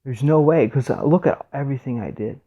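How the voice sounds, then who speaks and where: This is a broken woman on an auction block, her words soft and hopeless, as a man voices her in his own plain voice. The recording is dull and lo-fi. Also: medium pitch, brisk, husky. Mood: despairing. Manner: soft, despairing. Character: despairing woman facing auction, weeping.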